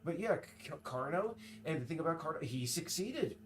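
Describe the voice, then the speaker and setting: A man streaming, chatting casually in a rambling, halting way full of restarts while he works. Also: a little high, lively intonation, slight background noise. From United States.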